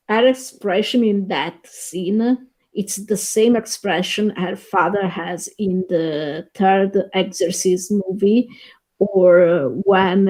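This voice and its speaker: A woman co-hosting a podcast, giving measured, reflective opinions in a casual film chat. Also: mid-range voice, a little mellow. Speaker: podcast co-host.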